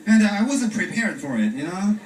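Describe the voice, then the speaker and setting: A man from China with a Chinese accent, doing a stand-up comedy set in a deadpan way with frequent "uh" pauses. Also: high voice. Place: comedy stage before a live audience. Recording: echoey stage from far off with loud room noise.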